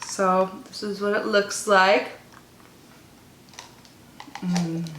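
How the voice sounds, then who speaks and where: A woman's voice: mid-range voice, animated, very slow, long pauses, bright, forceful tone, slight background noise. Bubbly woman in an echoey room. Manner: chatty and bubbly, reads product cards aloud. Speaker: subscription box reviewer. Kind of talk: casual unboxing chat.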